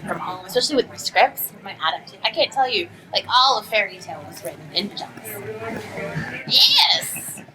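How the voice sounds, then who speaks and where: Bubbly, animated woman voice actress. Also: mid-range voice, background noise. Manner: bubbly, animated storytelling with quick asides. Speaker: voice actress and anime script writer, guest. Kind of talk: casual press conference answers. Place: convention press room. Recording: music playing in the background.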